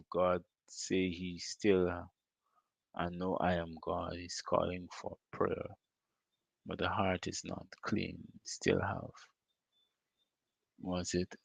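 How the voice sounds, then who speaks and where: A man's voice: on the low side, creaky, a bit bright, dry recording. A Guyanese man hosting a call-in show, firing off rhetorical questions in a fiery political monologue.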